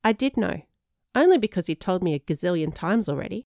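A woman narrating a first-person story in a lively, expressive way. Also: fairly low pitch, brisk, dry recording, clean studio sound. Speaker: audiobook narrator.

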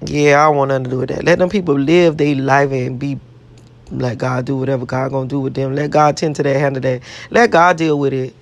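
This woman vlogger has a very deep voice, a steady tone, and a quick pace. Talking casually to camera, she rambles brashly, swearing, bragging, adoring herself, and repeating her points to viewers.

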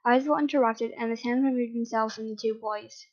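A woman's voice: on the high side, brisk, hardly any pauses. Woman reading a story aloud, lo-fi. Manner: plain, steady reading with small slips. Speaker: reader. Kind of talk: reading fan fiction aloud. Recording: dull lo-fi recording.

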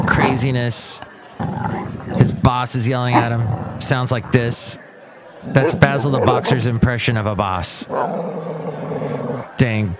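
Rambling, jokey male podcast host. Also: mid-range voice. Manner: rambling, jokey, self-correcting. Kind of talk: casual solo podcast monologue.

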